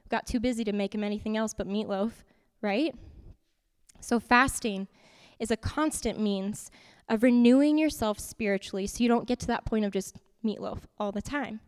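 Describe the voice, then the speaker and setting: A woman giving an interactive youth sermon in a church hall, lively and repeating her points to keep the group's attention. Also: a little high, moderate pace, clean tone. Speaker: youth teacher. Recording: long hall reverb.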